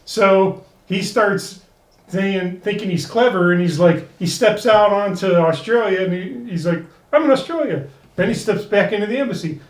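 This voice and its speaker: A man with a slightly high voice co-hosts a relaxed podcast episode review. He laughs often and acts out the quoted lines. He sits a little away from the mic in an echoey room. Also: normal speed, recorded from a distance. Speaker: podcast co-host. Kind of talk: casual episode review chat.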